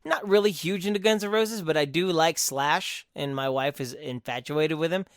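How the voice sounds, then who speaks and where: A young man with a fairly high voice rambles through metal album picks on a podcast, swearing freely and laughing at himself. He jumps from loud outbursts to low mutters. The sound is close and dry, with no room in it. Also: normal speed, no echo. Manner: crude, rambling and self-mocking, with sudden loud bursts and quiet mutters. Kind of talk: casual solo segment, reading from a list.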